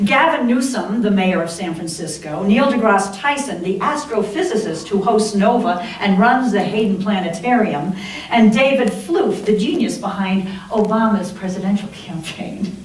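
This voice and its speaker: A woman's voice: medium pitch, normal speed, recorded from a distance. Woman minister preaching in an echoey hall. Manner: animated, humorous retelling with chuckles. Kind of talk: sermon storytelling. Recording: very echoey hall, heard from afar, faint hiss.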